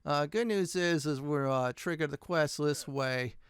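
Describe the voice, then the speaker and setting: Brief: male let's-play host with a smooth, clear, slightly high voice, chatty and thinking aloud, dry close mic. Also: a little slow, no room sound. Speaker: gaming channel host.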